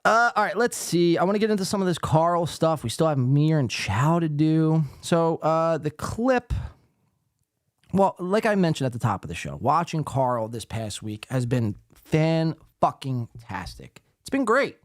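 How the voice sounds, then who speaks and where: A man's voice: fairly high pitch, expressive, measured pace, no room sound, studio quality. A man hosting a live podcast, ranting profanely and sarcastically at other show hosts. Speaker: podcast host.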